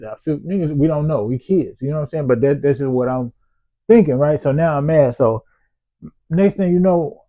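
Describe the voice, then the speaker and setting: A man telling a story from his own life in a loose, profane, slangy way. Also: medium pitch. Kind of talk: casual personal storytelling. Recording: tinny phone-like sound.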